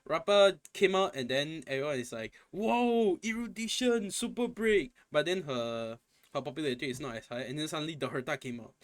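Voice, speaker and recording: A man's voice: medium pitch, quick pace. A young man ranting in a casual gaming commentary, exasperated and profane, often repeating and restarting his phrases. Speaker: gaming content creator.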